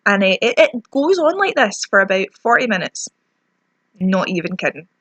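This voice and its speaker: A woman's voice: medium pitch, very animated, normal speed, a bit bright, no echo, lo-fi sound. A young Scottish woman ranting chattily through a lip product review, self-mocking as her lips sting. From Scotland. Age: young adult. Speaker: beauty vlogger.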